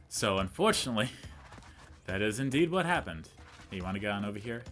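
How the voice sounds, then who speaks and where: A young man rambles through a story in casual let's play commentary, chatty and self-mocking, talking to the game as he plays. His lowish voice is sing-song and fairly bright, brisk but pausing often. Faint music plays behind him.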